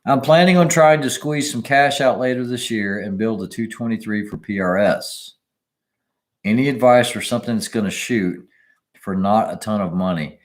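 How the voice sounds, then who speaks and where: A man co-hosting a casual podcast chat, animated and reading viewer questions aloud. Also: lowish voice, moderate pace. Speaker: podcast co-host. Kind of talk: casual chat about shooting.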